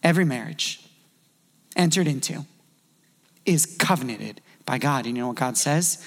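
A little fast and fairly bright in tone, a pastor's gravelly, high-for-a-man voice carries a sermon in a loose, conversational style. He makes his points with quick acted-out quotes.

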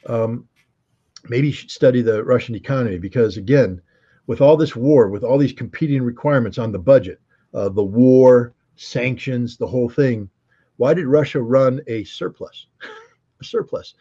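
Emphatic man with a husky, mellow voice. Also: medium pitch, normal speed, lo-fi sound. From United States. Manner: emphatic, rhetorical questions, frequent restarts. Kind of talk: casual political commentary.

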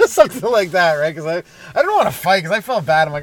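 A man's voice: on the high side, very animated, fast talker, hardly any pauses, fairly bright tone. A young Canadian man hosting a comedy podcast, telling a rambling, profane story with a casual, joking delivery. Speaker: podcast host, stand-up comic.

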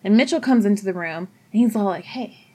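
A woman casually retelling a movie plot, animated and profane, acting out quotes along the way. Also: mid-range voice, fast talker, breathy edge. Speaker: podcast co-host. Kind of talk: casual chat.

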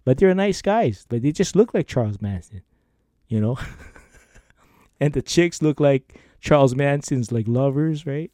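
A man's voice: medium pitch, unhurried, no echo, clean studio sound. A man hosting a podcast, telling rambling stories in a casual way, laughing often and acting out what people said. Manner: rambling, animated, acts out quoted lines. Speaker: podcast host. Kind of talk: casual storytelling monologue.

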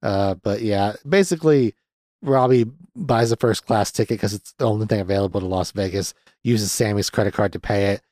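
In a lowish, slightly mellow voice and at a fairly quick clip, a young podcast host picks apart a film. His take is casual and sarcastic, loaded with curse words and fillers, and the clean studio recording has no echo.

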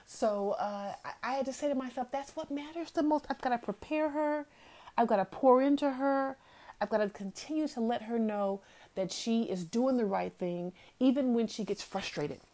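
A woman's voice: a little high, normal speed, warm tone. A woman hosting a casual motivational talk. She speaks earnestly and repeats key phrases for emphasis. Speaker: host of a talk series.

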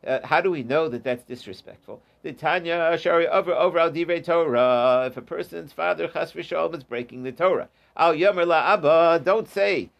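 A man's voice: fairly high pitch, animated, moderate pace, vocal fry. A man giving an informal Talmud lesson, reading the Aramaic text and explaining it in English with frequent fillers and restarts. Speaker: Talmud teacher.

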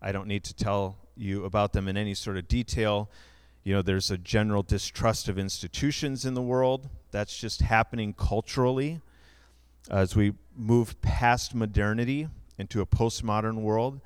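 A man's voice: on the low side, fairly even intonation, moderate pace, clean tone, no room sound. A younger man preaching a sermon, explaining figures in a conversational way with asides. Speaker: pastor.

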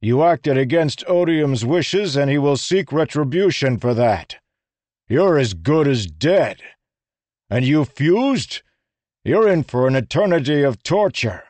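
A narrator putting on a commanding soldier who barks orders at full volume, pitched well above his own voice. The delivery is forceful and unyielding, as in a storybook read aloud, in a dry, close recording. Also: a little slow, dry recording, lightly acted.

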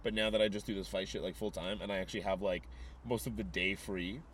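A man's voice: low-pitched, fast, slight background noise. A young man co-hosting a podcast, chatting casually and acting out the people in his stories. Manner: animated storytelling, acting out quotes. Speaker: podcast co-host. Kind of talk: casual chat.

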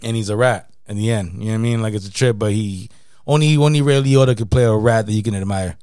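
A man chatting loosely with a friend, his voice sitting low and recorded dry and close. He rambles in slangy bursts, dropping "bro" every few lines. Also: fast, warm tone, clear, resonant tone, no echo. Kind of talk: casual chat.

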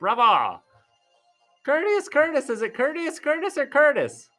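A casual commentator talks through the action as it happens, chatty and laughing often. The voice swings widely up and down in pitch. Faint music plays in the background. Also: huge pitch swings, measured pace, fairly bright tone. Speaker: vlogger commenting on a live event. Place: at a live arm-wrestling event.

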